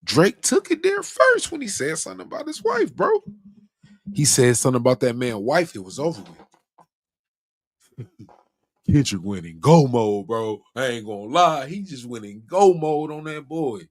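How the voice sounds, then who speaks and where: A man's voice: mid-range voice, very animated, normal speed. A man hosting a casual livestream, talking in loose slang, swearing freely and laughing often. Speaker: livestream host.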